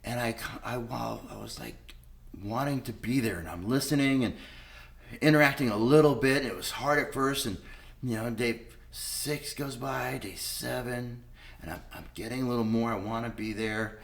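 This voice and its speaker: A man's voice: medium pitch, normal speed, vocal fry. A middle-aged man giving a candid personal testimony, blunt and unpolished, with frequent swearing, re-enacting past conversations as he talks. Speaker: speaker telling his recovery story.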